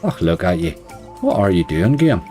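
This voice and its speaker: Streaming online slots live, a Northern Irish man in middle age chats casually and grumbles at the game. His low, warm voice swings widely in pitch at a moderate pace, and faint music plays behind him.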